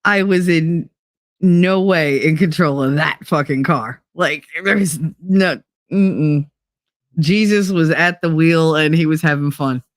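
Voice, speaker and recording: A middle-aged woman hosts a casual livestream, speaking candidly and profanely, laughing a lot and imitating the voices of people she quotes. Her voice is low-pitched and her pace slow. The studio recording is clean and dry.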